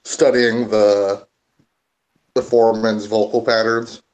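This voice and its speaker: Man player, slow and easygoing, jokey banter at the game table. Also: on the low side, level tone, darkish tone, slight background noise, rough recording. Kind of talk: casual tabletop game chat.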